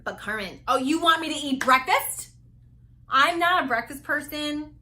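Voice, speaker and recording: A reluctant dieting client who argues and whines through every objection, put on by a woman. The voice sits high and sounds bright and forceful. It has the everyday feel of a quick impression. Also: expressive. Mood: whiny. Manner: whiny, full of excuses and objections. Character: reluctant, excuse-making female diet client.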